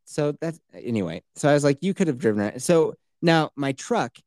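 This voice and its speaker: A man telling stories in casual podcast chat, ranting in a profane, animated way. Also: a little high, brisk, dry recording, studio quality.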